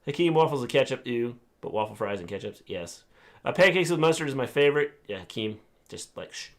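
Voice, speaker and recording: A man's voice: medium pitch, animated. A middle-aged man co-hosting a casual wrestling recap, joking around and reading out viewer comments. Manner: joking, drawn-out teasing asides. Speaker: co-host reading viewer chat.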